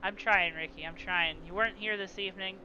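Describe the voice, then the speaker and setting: A man calls a simulated stock car race, his bright, forceful voice riding a faint hiss. He keeps up the play-by-play with casual joking asides. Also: high voice, steady tone, brisk, dull audio. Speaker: play-by-play commentator. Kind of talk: sim racing commentary.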